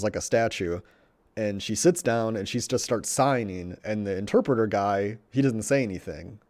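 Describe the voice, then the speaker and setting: Young man, dark mellow voice, swearing, stumbling, gushing vlog rant. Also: lowish voice, no echo. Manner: swears often, stumbles over words, gushing. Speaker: vlogger reviewing a show. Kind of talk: excited casual monologue.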